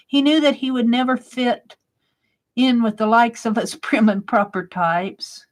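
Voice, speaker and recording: A woman's voice: fairly high pitch, a little slow. A woman hosting a casual live stream, chatting and reading viewers' comments aloud, laughing often.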